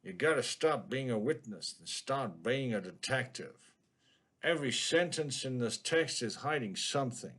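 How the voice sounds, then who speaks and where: A man's voice: on the low side, animated, slow, pauses often, voice pushed down. A man reading a noir story aloud in the voice of a hard-boiled male detective, with clipped, brooding narration. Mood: tough.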